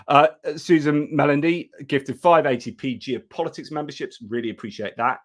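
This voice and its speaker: A man's voice: on the high side, fairly even intonation, normal speed, few pauses. A middle-aged man hosting a casual live news stream, talking in a chatty way and breaking off to thank viewers. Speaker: livestream news host.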